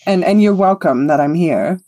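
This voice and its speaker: A woman's voice: lowish voice, animated, moderate pace, warm tone, no echo, natural voice. A woman voicing a vain, boastful female performer who talks in a grandiose, haughty, theatrical way.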